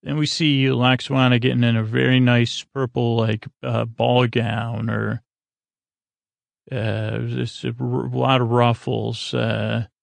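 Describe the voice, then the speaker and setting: Gravelly, low-key man rambling through a recap. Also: little pitch movement, dry recording. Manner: halting, meandering, full of fillers and restarts; low-key, sleepy delivery. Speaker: podcast host recapping an episode.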